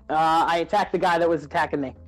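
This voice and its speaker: A man playing in a tabletop game, calmly calling out his dice rolls. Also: fairly high pitch, soft background music. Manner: unhurried, calls out dice rolls. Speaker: player. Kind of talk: casual tabletop play.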